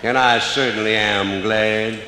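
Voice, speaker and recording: A man's voice: fairly low pitch, steady tone, a little slow, a crowd in the background. Older Cajun man telling folksy stories. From Louisiana. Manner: drawling folksy dialect with broken grammar. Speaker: storyteller. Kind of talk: live comedy storytelling. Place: stage before a live audience. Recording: roomy hall, faint audience ambience.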